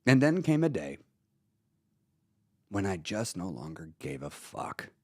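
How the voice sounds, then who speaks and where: A man's voice: sits low, a little slow, no echo. A man hosting a live stream, talking casually and bluntly with lots of swearing. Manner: blunt, profane, animated. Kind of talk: casual motivational talk.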